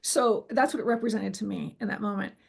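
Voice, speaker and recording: A middle-aged woman recounting a personal near-death experience in an interview, animated and acting out what people said, with frequent fillers. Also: mid-range voice, fairly quick, vocal fry, slightly rough. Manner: animated storyteller, acts out quoted dialogue, frequent fillers. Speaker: guest telling her near-death experience.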